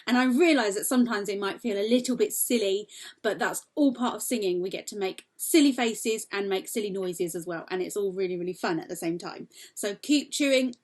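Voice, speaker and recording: A young woman singing teacher leading a cheerful, encouraging warm-up lesson, demonstrating vocal exercises. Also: medium pitch, fairly quick.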